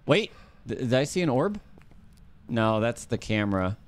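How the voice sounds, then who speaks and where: A man's voice: mid-range voice, very animated, moderate pace, no echo. A man streaming a ghost-hunting game, chatting casually and calling out to the ghost and his teammate. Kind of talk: casual gameplay chat.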